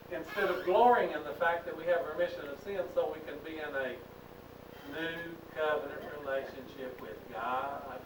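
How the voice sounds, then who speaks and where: A man's voice: on the high side, fairly even intonation, moderate pace, a little hiss or hum. A man teaching a Bible class in an emphatic preaching style, asking the class questions. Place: church classroom. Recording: echoey room, distant mic.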